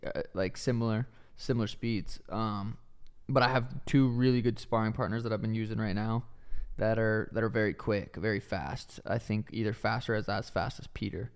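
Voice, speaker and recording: Gravelly young man, casual and profane. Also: lowish voice, fairly even intonation, moderate pace, few pauses. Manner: loose, profane, confident banter. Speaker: podcast co-host, fighter. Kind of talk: casual chat.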